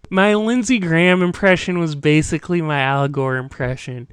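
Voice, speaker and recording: A man's voice: a little high, fairly even intonation, normal speed, a bit bright, clean tone, dry recording. A man hosting a solo political commentary segment, casual and sardonic, with filler words as he explains. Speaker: host.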